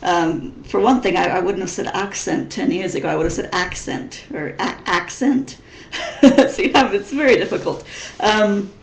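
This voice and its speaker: Woman, 30s, American accent blended with English, casual vlog chat, rambling with restarts, medium pitch, echoey room. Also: animated, moderate pace. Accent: American mixed with English. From Missouri, United States. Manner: chatty, rambling, frequent restarts. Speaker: vlogger. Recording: roomy echo.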